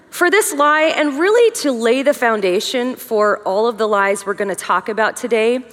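Middle-aged woman speaker, chatty and joking, slightly high voice, reverberant large hall. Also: a little slow. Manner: conversational, joking asides, lively emphasis. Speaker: women's conference speaker. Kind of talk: humorous teaching talk.

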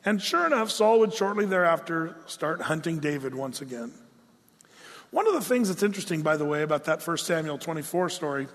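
A man delivers a sermon in a high, lively voice, telling a story and acting out quotes with playful asides. His voice rings with the long reverb of a large hall. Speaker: pastor.

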